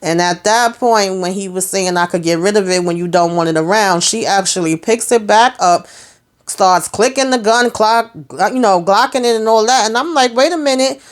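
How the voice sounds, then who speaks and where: A woman's voice: medium pitch, moderate pace. Woman, casual recap host, conversational, acts out quotes and comments along the way. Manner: chatty, retells scenes with quoted dialogue and asides.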